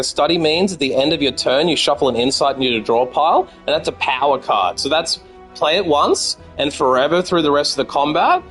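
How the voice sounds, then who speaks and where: An Australian man streaming a card game, chatting with viewers and swearing freely as he plays. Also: mid-range voice. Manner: chatty and profane, talking to chat. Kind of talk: casual gameplay commentary.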